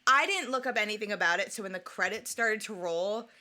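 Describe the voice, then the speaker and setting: A woman co-hosting a podcast in casual chat, animated and joking as she rambles into her microphone. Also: medium pitch, a little fast. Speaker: podcast co-host.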